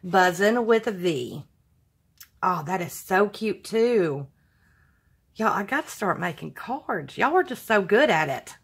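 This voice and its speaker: A woman's voice: medium pitch, sing-song, takes it slowly, gravelly, breathy edge. A woman hosting a casual craft unboxing vlog, gushing and exclaiming over everything she opens. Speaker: craft channel host.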